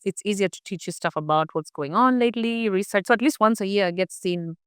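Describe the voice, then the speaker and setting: Woman, middle-aged, quick delivery, smooth clear voice, dry close sound, explanatory with lively examples. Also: mid-range voice, no room sound. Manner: explains with everyday examples and acted-out inner dialogue. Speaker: health expert guest. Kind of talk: conversational interview.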